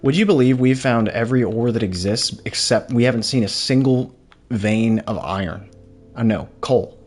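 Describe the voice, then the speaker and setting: A man's voice: medium pitch, moderate pace, a little mellow, soft background music. A young man chatting casually while streaming a game, rambling and reading chat aloud. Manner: rambling, laid-back, reads chat aloud.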